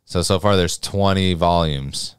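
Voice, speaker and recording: A man's voice: low-pitched, a little slow, clear, resonant tone, dry recording, clean studio sound. A young man chatting casually as a podcast co-host, rambling, swearing often and trailing off mid-sentence. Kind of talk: casual chat.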